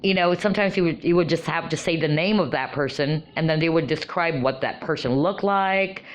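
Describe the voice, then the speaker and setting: A woman vlogger casually telling her own experiences, with many fillers and lots of excitement. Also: low-pitched, a little fast. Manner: animated, many fillers like "you know" and "um". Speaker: vlogger sharing personal experiences. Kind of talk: casual personal storytelling.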